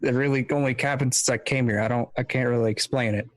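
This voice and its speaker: A man's voice: medium pitch, steady tone, fast, no room sound, clean studio sound. A man playing a tabletop mech game, talking bluntly and swearing now and then. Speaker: player. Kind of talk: casual tabletop game chat.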